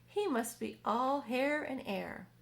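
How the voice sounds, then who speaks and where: Brief: woman voicing an earnest young boy for a storybook; close to her own slightly high voice. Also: animated, slow pace, creaky, heavily acted. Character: brave young boy, quick-thinking.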